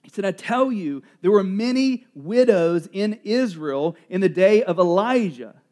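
Animated middle-aged pastor, high voice. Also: male voice, a little slow. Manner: animated and joking, acts out voices of townspeople. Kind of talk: sermon.

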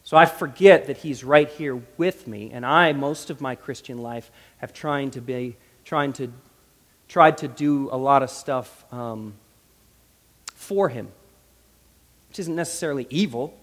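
A man preaching a sermon with animated delivery, jumping between loud emphasis and hushed asides, voicing quotes with character. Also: mid-range voice, unhurried, big-room sound. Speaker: pastor.

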